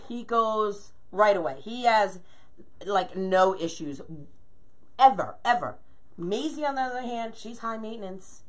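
A woman hosting a live crafting stream, greeting viewers by name and counting aloud as she works. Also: medium pitch. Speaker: craft livestream host. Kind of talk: chatty livestream while crafting.

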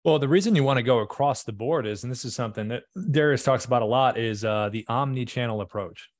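A man co-hosting a webinar, explaining marketing in a measured, conversational way with frequent fillers. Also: medium pitch, dry recording, clean studio sound. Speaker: webinar co-host.

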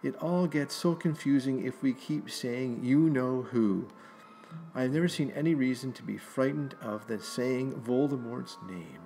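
A man reading aloud and voicing a calm, gently amused elderly wizard headmaster, with loud music behind him. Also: mid-range voice, measured pace, lightly acted.

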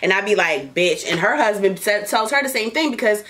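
A woman's voice: medium pitch, animated, fairly quick, a bit bright, slight background noise. A woman hosting a casual podcast while smoking, talking bluntly and profanely, joking, with laughs and coughs. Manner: laughs and coughs between lines. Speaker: podcast host.

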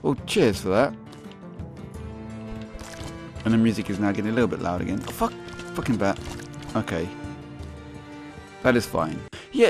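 A man giving sweary, sarcastic let's-play commentary as he plays a video game. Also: fairly low pitch. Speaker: gaming YouTuber.

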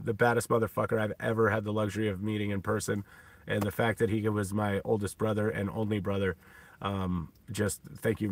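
A man's voice: fairly low pitch, fairly bright tone, a little hiss or hum. A man talking in a rambling, profane vlog monologue from a parked car, full of ums and laughs. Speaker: vlogger.

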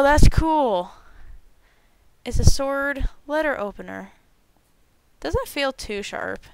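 A young woman hosting a casual unboxing video, bubbly and excitable, tripping over her words as she gushes. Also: a little high, gravelly, smooth, no room sound. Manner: bubbly and excitable, gushing with stumbling repeats. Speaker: unboxing channel host.

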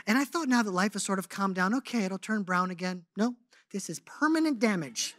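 A man speaking to a congregation, telling a personal story and teaching, swinging between loud animated stretches and hushed ones. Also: high-pitched, brisk, no room sound. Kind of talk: testimony and sermon.

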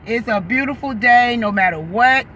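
A woman's voice: a little high, normal speed. A woman from New York City vlogging while driving, chatting playfully and upbeat and joking around in a casual way. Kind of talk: casual chat. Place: in a car, out driving. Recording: distant mic with loud road noise.

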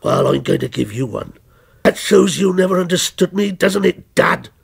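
A man voicing a menacing male visitor, a criminal former policeman, in a taunting, slow and deliberate way, in a dramatic story reading. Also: high-pitched, lively intonation, creaky, slightly rough, voice pushed up, heavily acted.

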